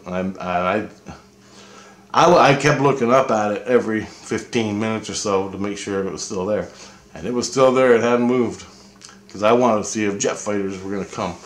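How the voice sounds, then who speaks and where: Rambling, profane man in an echoey room. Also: fairly low pitch. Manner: rambling, profane, repeats himself. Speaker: vlogger telling experiences. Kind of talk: casual storytelling.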